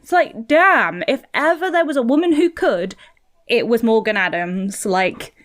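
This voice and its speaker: A woman's voice: a little high, big pitch swings, unhurried. A woman guest on a film podcast, telling stories with enthusiasm and acting out quotes. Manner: enthusiastic storyteller, acts out quotes. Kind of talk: casual film podcast chat.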